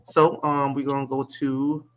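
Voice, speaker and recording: A man's voice: medium pitch, little pitch movement, unhurried, fairly bright tone. A young man hosting a casual sports podcast, talking loosely and laughing a lot. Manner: laid-back, loose, laughs a lot, lots of "you know what I'm saying". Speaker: podcast host.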